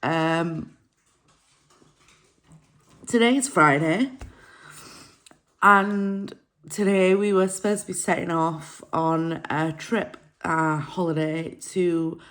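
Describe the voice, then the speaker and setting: Tearful woman, slow talker. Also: fairly low pitch, fairly bright tone. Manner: tearful, rambling, apologetic. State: crying. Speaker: vlogger. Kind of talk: casual vlog to camera. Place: in her camper van.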